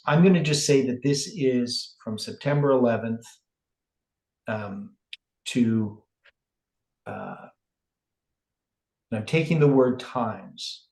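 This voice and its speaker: A man's voice: mid-range voice, slow, long pauses, darkish tone, echoey room, low-quality recording. A man leading a word-by-word Bible study, thinking aloud with many fillers and checking in with "right?". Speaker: Bible teacher.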